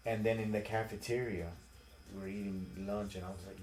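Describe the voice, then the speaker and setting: A man in his forties, a podcast host, telling stories in casual, profane, animated chat. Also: on the low side, brisk, a little hiss or hum. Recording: roomy echo.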